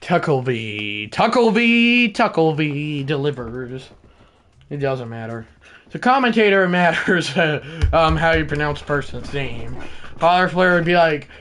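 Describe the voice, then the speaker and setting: A man doing play-by-play for a baseball video game, chatting and correcting himself between plays and shouting on big hits. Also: on the high side, lively intonation, normal speed. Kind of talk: play-by-play commentary with rambling asides.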